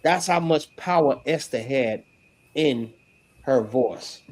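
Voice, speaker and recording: A man teaching scripture in an animated, slangy way, often laughing. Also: mid-range voice, slow pace. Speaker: religious teacher.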